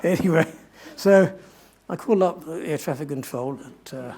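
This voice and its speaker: A man's voice: on the high side, normal speed, vocal fry, dark tone. An older man giving a talk to an audience, telling a long adventure story in a rambling way and often correcting himself. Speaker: guest speaker.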